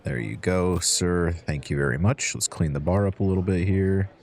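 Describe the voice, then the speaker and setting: Very low-voiced man playing a bar game. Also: moderate pace, gravelly, darkish tone, slight background noise. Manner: chatty, talks to game customers while counting change. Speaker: gaming channel host. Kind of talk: relaxed let's-play commentary.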